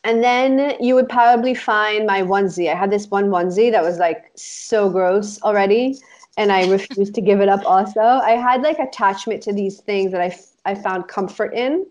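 A woman's voice: mid-range voice, normal speed, darkish tone, muffled recording. Chatty woman guest, giggly storyteller. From Israel. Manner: rambling, giggly, many "like" fillers. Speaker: guest, life coach. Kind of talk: casual storytelling chat.

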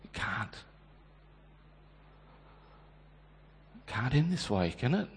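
A man's voice: mid-range voice, moderate pace, close to an everyday voice. A man performing a dramatic monologue as a remorseful male disciple, stammering and repeating his words. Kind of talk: dramatic first-person monologue. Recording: long hall reverb.

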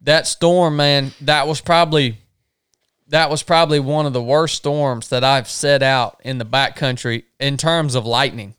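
A man's voice: mid-range voice, fairly even intonation, unhurried, fairly bright tone, clear, resonant tone, no room sound, clean studio sound. A man recording a spoken camp log at a river sandbar, then telling a story in a drawling, folksy way.

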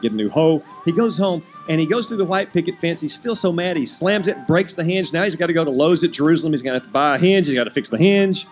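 A man's voice: a little high, low-quality recording. Guy preaching, does the voices for his story, faint music behind him. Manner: acts out characters' voices, asks the audience questions. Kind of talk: animated sermon storytelling.

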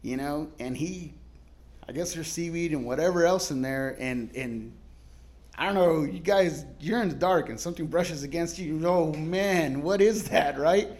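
A man's voice: on the high side, normal speed. Laid-back storytelling man preaching. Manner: casual storytelling, laughs often, shifts loud and soft. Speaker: guest pastor. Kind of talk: sermon.

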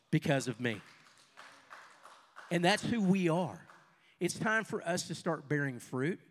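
An older man, a pastor, preaching a sermon and telling stories, with sudden loud bursts and quieter asides. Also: fairly high pitch. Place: church hall with a congregation. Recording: long reverb of a large hall.

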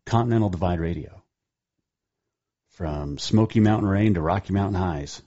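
Man, radio host, very low voice, folksy and rambling, dull lo-fi sound. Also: normal speed, dark tone. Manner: rambling, folksy, self-correcting. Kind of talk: casual radio talk with ad reads.

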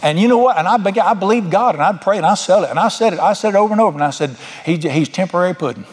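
A man's voice: high-pitched, racing. Folksy preacher man, echoing hall. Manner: folksy, preaching with rising emphatic bursts. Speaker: pastor. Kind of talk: sermon. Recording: long hall reverb.

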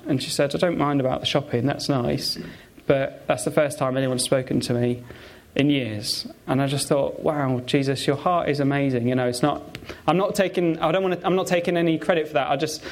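A man giving a conversational sermon full of personal stories, talking in a halting way with many fillers and restarts. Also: fairly high pitch, steady tone. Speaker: preacher.

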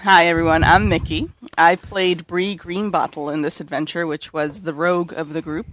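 Male podcast player, high pitch, animated and giggly. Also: normal speed, low-quality recording. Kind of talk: casual podcast chat.

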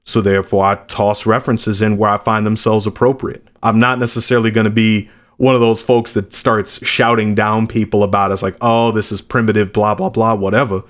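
A man's voice: on the low side, level tone, brisk, few pauses. A man in his late thirties, a musician being interviewed, speaking candidly and reflectively, sometimes blunt. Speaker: musician guest. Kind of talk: interview conversation.

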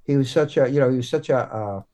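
Halting American man musing on writing. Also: medium pitch, dark tone. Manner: halting, many restarts and fillers. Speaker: guest comics writer. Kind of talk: casual podcast interview.

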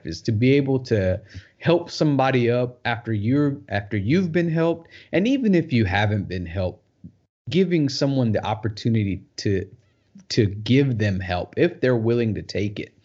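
A man's voice: medium pitch, animated, moderate pace, darkish tone, husky. Enthusiastic man hosting a chat. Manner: enthusiastic, motivational, says man a lot. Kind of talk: casual chat. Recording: dull lo-fi sound.

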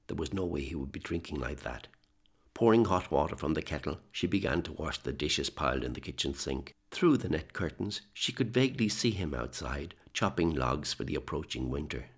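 Very deep, gravelly male narrator. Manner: measured, steady storytelling. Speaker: audiobook narrator. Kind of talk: scripted narration.

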